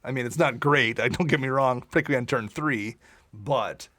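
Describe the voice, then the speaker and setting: A man's voice: medium pitch, brisk, pushed and bright, no echo, studio quality. A man co-hosting a podcast in casual chat, rambling with lots of fillers and self-deprecating asides. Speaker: podcast co-host.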